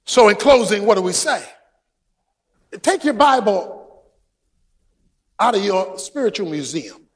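A man preaching a sermon as pastor, shouting for emphasis and telling stories with asides. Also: high voice, very animated, unhurried, long pauses, slightly rough. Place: church sanctuary. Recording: long hall reverb.

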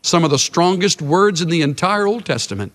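A male preacher delivers an emphatic sermon, his voice rising and falling with lively swings of pitch. His delivery is dramatic, and each phrase trails off into the long reverb of a large hall. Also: brisk. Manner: dramatic and emphatic, with big swings in loudness and pace.

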